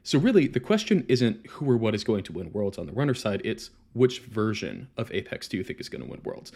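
A man giving recorded commentary on a card game in a measured, analytical, mock-dramatic way. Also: on the low side, big pitch swings, a little mellow, slightly rough. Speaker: podcast contributor.

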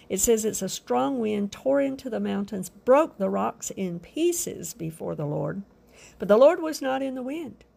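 Slow, gravelly woman preaching a sermon. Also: medium pitch. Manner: fervent preaching with drawn-out emphasis and soft asides.

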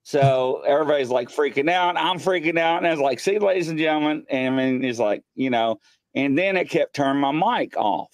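A man hosting a live paranormal show from his home studio, telling ghost stories excitedly and acting out what people said. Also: a little high, a little fast, no room sound. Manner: excitable storyteller, acts out quotes. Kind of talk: casual live-stream chat. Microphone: desk mic.

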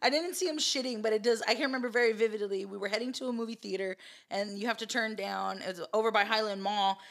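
A young woman from Austin, Texas, telling stories in casual chat, animated, profane and laughing often. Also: mid-range voice, quick pace. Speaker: podcast guest. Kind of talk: casual storytelling.

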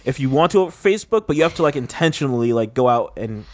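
A man's voice: medium pitch, expressive, quick pace, dry recording. A man in casual chat, rambling with lots of filler words and a skeptical tone.

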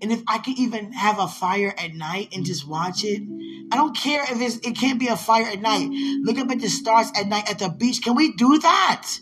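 A fairly high-voiced woman talks to someone she loves in a loose, teasing monologue. Her delivery is animated, moving from soft murmurs to loud excited bursts and frequent laughter. Faint music plays behind her. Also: moderate pace, poor audio. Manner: playful, laughing often, teasing and affectionate. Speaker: vlogger addressing a loved one. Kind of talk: casual heartfelt monologue.

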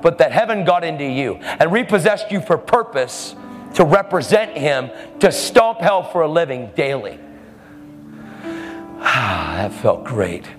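A man's voice: a little high, lively intonation, moderate pace, soft background music. A man preaching a sermon, telling a testimony story in a fervent, emphatic way. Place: church service hall. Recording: reverberant hall.

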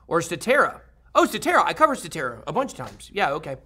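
A man's voice: a little high, sing-song, quick pace, bright, forceful tone. Rambling upbeat man hosting a crypto stream. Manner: rambling and upbeat, many fillers and restarts. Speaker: crypto video host. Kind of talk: casual commentary to viewers.

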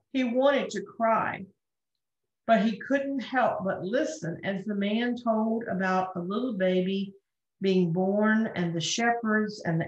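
A woman reading a children's story aloud with gentle expression. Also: mid-range voice. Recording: roomy, dull lo-fi recording.

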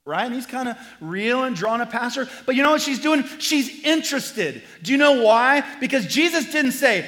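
A male lead pastor preaching a sermon, animated, acting out voices in the story and swinging between loud emphasis and quiet, low moments. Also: moderate pace, hardly any pauses.

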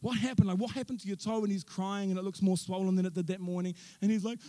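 Young male pastor, lively story-driven preaching, high-pitched, dry mic. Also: quick pace, dry recording. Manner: animated storytelling with self-mocking asides. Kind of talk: sermon.

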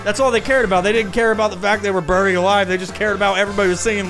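Foul-mouthed guy rambling on his podcast, kinda high voice. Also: steady tone, racing, music in the background. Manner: profane, rambling, joking. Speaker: podcast host. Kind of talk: casual storytelling.

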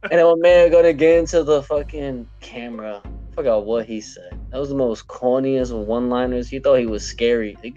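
A man's voice: medium pitch, a little fast, few pauses, dull audio, soft background music. A man co-hosting a podcast, ranting and swearing in a casual chat. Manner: animated, profane ranting. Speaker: podcast co-host.

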